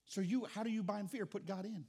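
A middle-aged man preaching a sermon as pastor, with dynamic delivery that swings from quiet to loud. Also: high-pitched, steady tone, a little fast, gravelly, husky.

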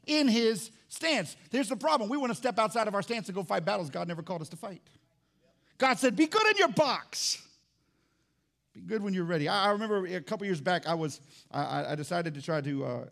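Animated high-voiced preacher man. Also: gravelly. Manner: animated, swings from loud emphasis to hushed low lines. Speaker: pastor. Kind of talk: sermon. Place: church service.

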